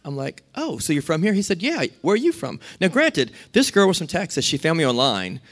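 Man preaching a sermon, higher voice. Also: a little fast. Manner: storytelling with lively asides and acted-out quotes. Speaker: pastor.

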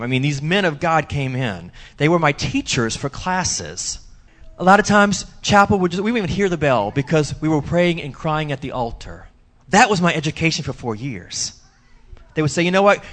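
A man preaching a sermon as pastor, telling stories emphatically and swinging between loud bursts and hushed low lines. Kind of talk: sermon testimony. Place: church.

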